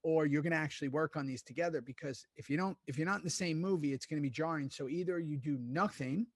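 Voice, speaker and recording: A man with a Staten Island accent, co-hosting a casual podcast chat, chatty and quick to laugh. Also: a little high. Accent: New York (Staten Island). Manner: chatty, laughs easily, quotes people in animated bits. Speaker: podcast co-host.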